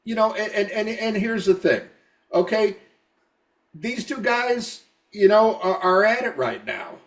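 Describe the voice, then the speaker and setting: A man's voice: high voice, animated, unhurried, far from the mic. A man co-hosting a podcast who says he is drunk, ranting in a profane, repetitive way with frequent stammering restarts. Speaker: podcast co-host. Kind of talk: casual podcast rant.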